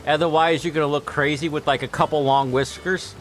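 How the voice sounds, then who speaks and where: A man's voice: on the high side, steady tone, a little fast, a bit bright, soft background music. Rambling man chatting while gaming. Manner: rambling, gives practical advice with a laugh. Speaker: gameplay streamer. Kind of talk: casual chat over gameplay.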